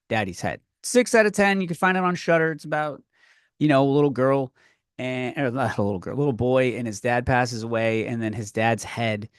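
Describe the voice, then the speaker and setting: A young man hosting a comedy podcast, ranting in a rambling, profane way that swings between loud outbursts and muttering. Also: medium pitch, no echo, studio quality. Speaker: podcast host. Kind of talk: comedic rant.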